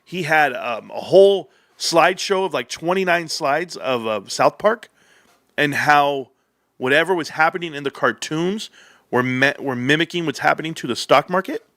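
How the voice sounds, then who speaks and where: Forceful man rambling on a livestream. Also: a little high, moderate pace, no room sound, clean studio sound. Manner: animated, profane, with many restarts and asides. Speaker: livestream host.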